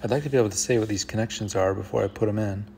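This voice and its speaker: A man's voice: lowish voice, very fast, gravelly, mellow, slight background noise. A man thinking aloud as he solves a word puzzle, musing half to himself and sometimes dropping to a near whisper. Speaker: puzzle channel host.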